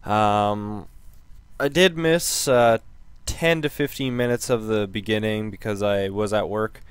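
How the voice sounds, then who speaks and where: Gaming vlogger, male, a little hoarse, casual and rambling, smooth low voice, dry sound. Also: measured pace, no room sound. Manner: rambling, many ums and restarts. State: losing his voice. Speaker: gaming channel host. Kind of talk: casual game news recap.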